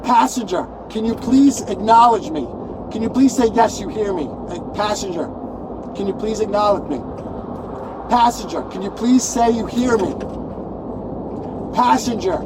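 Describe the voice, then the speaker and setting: An agitated man under arrest, pleading and shouting for answers from the back of a police car, recorded on an officer's bodycam. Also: high voice, normal speed, pauses often. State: agitated, upset. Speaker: arrested passenger. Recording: noisy bodycam audio.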